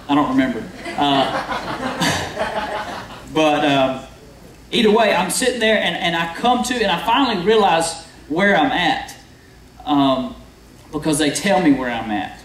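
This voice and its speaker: Young preacher in an echoey hall. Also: male voice, fairly high pitch, moderate pace. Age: young adult. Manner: conversational storytelling, addresses the crowd. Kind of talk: sermon. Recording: echoey hall from far off, faint noise.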